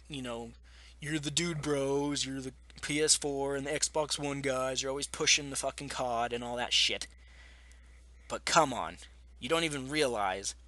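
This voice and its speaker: Bright-voiced man ranting, exasperated. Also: medium pitch, no echo. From Canada. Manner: exasperated, profane, rapid-fire complaining with sarcastic asides. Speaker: gaming vlogger. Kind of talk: ranting vlog monologue.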